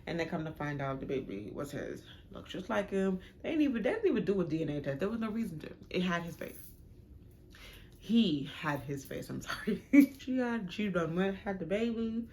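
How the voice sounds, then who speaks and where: Over a little hiss or hum, a young vlogger dramatically recounts her relationship in a casual storytime. Acting out the fights sends her voice jumping abruptly high.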